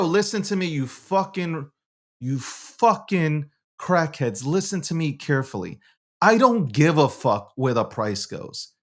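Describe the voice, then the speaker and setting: A man hosting his own show alone, talking brashly with lots of swearing, swinging from low muttering to loud ranting. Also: big pitch swings, a little slow. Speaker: show host. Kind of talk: animated solo monologue.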